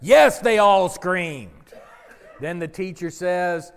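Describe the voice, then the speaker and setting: Brief: higher-voiced male pastor, lively storyteller, long church reverb. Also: slow pace, clear, resonant tone. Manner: animated storyteller, gets loud and drawn out for emphasis. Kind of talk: sermon with humorous stories. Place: church sanctuary with congregation.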